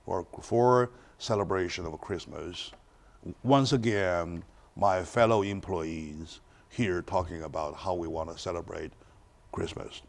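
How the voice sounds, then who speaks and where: A man hosting a studio talk show, introducing a guest and speaking in halting phrases with many restarts. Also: deep voice.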